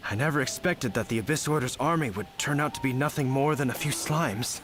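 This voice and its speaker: A man's voice: mid-range voice, fairly quick, close to an everyday voice. An actor playing a fussy, overly polite male knight in a video game, speaking formally and with stiff courtesy. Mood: suspicious.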